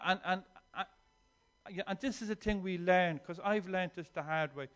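A man preaching a sermon in an earnest way, swinging between quiet reflection and emphatic declarations, often repeating words as he goes. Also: sits high, steady tone, moderate pace, clear, resonant tone.

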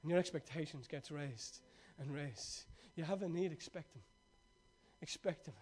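Male preacher with a high voice, delivers a sermon that shifts from excited storytelling to a hushed, pressing call. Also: moderate pace, husky. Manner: swings from excited, laughing storytelling to hushed, urgent exhortation.

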